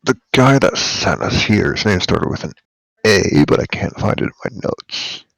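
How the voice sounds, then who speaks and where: A man's voice: fairly low pitch, animated, moderate pace, gravelly, a bit bright, no echo. A man playing in a tabletop game, chatting casually and sometimes hesitating as he searches for words. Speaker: player.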